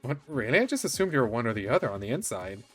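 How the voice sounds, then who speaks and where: A man streaming a visual novel, reading every character's lines aloud and breaking off into excited asides. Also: mid-range voice, very fast. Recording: faint music behind.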